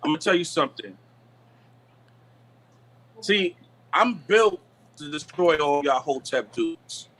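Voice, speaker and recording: A man on a live video call, explaining the deeper meanings of words in a preachy, repetitive way. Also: lively intonation, slow, pauses often, a bit bright, low-quality recording. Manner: preachy, repeats "you know what I'm saying". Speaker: guest. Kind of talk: live stream talk on word meanings.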